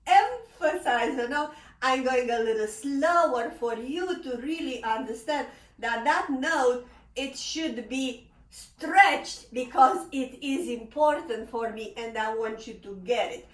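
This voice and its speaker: In an echoey room with piano sounding behind her, a high-pitched female teacher talks through a piano lesson at a slow pace. She's expressive, breaks into singing phrases and laughs a lot, and the mic sits some distance away, leaving her slightly off-mic.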